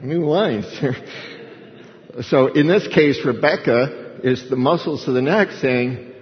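An older man teaching a bible study as a pastor, animated storytelling and acting out the voices of the people in the story. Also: medium pitch, slow. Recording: dull recording in a long-reverb hall.

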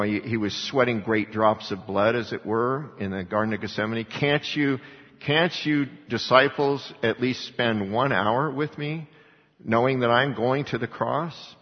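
A man's voice: medium pitch, breathy edge. A man preaching a sermon, reading scripture aloud and asking the congregation rhetorical questions. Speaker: pastor. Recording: dull lo-fi recording in a reverberant hall.

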